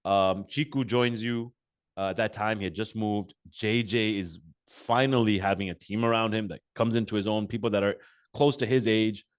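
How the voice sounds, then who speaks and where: A man hosting a casual sit-down interview, telling animated stories full of fillers and restarts. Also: lowish voice, moderate pace, clear, resonant tone. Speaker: podcast host.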